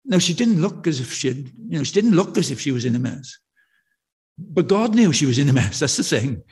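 A man's voice: on the high side, big pitch swings, fairly quick, darkish tone, breathy edge. Conversational man preaching a sermon. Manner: conversational, anecdotal, full of rhetorical questions. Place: church.

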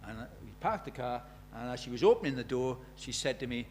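An older man preaching an evangelistic sermon, impassioned, dropping to a hush and then rising loud. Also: medium pitch, expressive, quick pace, hardly any pauses. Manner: impassioned, swings from hushed to loud.

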